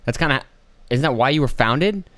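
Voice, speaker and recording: A man's voice: mid-range voice, lively intonation, moderate pace, a bit bright, no echo. A middle-aged man hosting a podcast, ranting about politics in a profane, sarcastic way and mocking people with put-on voices. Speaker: podcast host. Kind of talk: rambling political rant.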